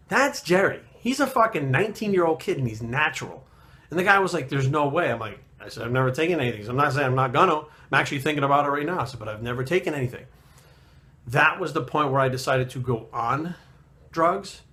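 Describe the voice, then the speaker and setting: A man's voice: fairly high pitch, bright, forceful tone. A man in his thirties, a fitness trainer ranting to camera in a profane, aggressive, emphatic way. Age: 30s. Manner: aggressive, swearing constantly, emphatic.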